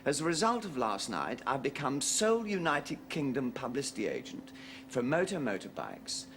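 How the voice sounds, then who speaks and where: A man's voice: moderate pace, background noise. An actor playing a charming, wheedling, womanizing middle-aged husband in a sitcom. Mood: coaxing. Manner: charming, wheedling, with lively pitch swings. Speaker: philandering husband. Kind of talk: studio sitcom acting.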